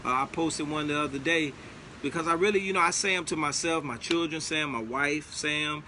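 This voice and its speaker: Bright-voiced man giving a pep talk. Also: fairly high pitch, a little fast, a little hiss or hum. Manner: repetitive, preachy, emphatic. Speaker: motivational speaker. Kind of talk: casual motivational talk.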